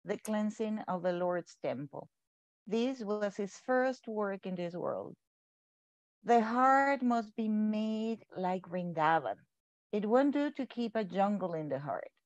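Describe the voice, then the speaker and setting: A woman reading a devotional text aloud in a class, in a steady and careful way. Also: mid-range voice, no echo. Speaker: reader in a class.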